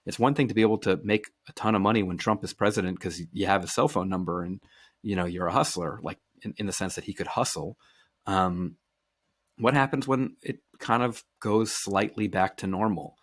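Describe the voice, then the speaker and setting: Lively, low-voiced male author telling stories. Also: brisk, no echo, studio quality. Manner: animated, lively storyteller who swears and restarts phrases. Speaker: author and journalist guest. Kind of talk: casual conversational storytelling.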